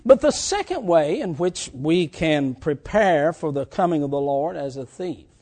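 A man preaching a sermon, swinging between shouted lines and quiet, drawn-out ones. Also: a little high, expressive.

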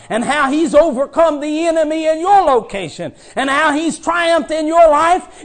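A man preaching a sermon as a traveling preacher, fervent, swinging from soft passages to loud ones. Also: extremely high pitch.

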